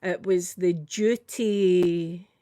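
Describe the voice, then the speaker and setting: An older Scottish woman tells a story in a lively, chatty way and keeps saying "I says" as she retells what was said. Her voice sits at a middle pitch, and the recording is close and dry with no room sound. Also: extremely slow, dry recording. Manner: animated, repeats "I says" while retelling a conversation. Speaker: vlogger. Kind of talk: casual storytelling chat.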